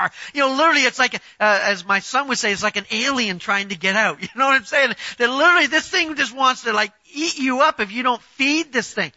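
A man's voice: very high-pitched, bright, forceful tone, no room sound, highs cut off. A man preaching a sermon in a conversational, emphatic way, often throwing rhetorical questions at the congregation and giving personal examples.

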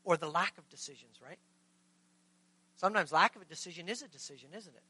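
A man preaching a sermon in an earnest way, now and then acting out short quoted lines. His voice sits high and sounds bright and forward. The sound is dry and close, with no room echo. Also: fast talker. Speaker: pastor.

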